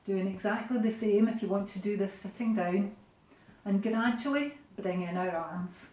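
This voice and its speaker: A woman with a Scottish accent leading a gentle home exercise class from her bedroom, giving encouraging instructions in a relaxed way. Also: medium pitch, normal speed. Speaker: fitness instructor. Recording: roomy sound from a distant camera.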